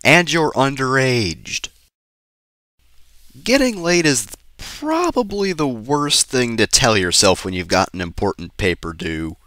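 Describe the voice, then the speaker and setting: A man's voice: medium pitch, very animated, moderate pace, hardly any pauses, sharp tone, dry recording, studio quality. A man giving sarcastic gameplay commentary, cracking jokes and talking back to the game's characters. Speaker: let's play host.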